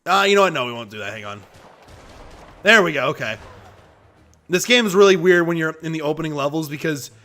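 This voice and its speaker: Casting note: high-voiced male streamer, chatty and opinionated, swears freely while playing. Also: animated, a little fast, long pauses, sharp tone. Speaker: gaming streamer. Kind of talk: casual gameplay commentary.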